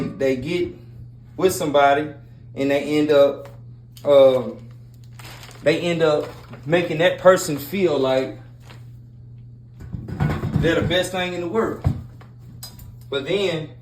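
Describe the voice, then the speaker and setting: This relationship advice host is a man with a fairly high, darkish voice who delivers a casual monologue in a blunt, preachy, repetitive style full of street slang. He's recorded in an echoey room with faint noise.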